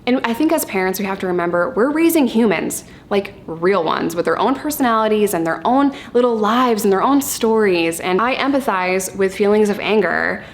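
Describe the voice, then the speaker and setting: A woman in her thirties talking candidly and casually to camera about her parenting, chatty and quick to laugh. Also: medium pitch, expressive, a little hiss or hum. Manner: candid, chatty, laughs easily, occasional swearing. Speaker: parenting vlogger.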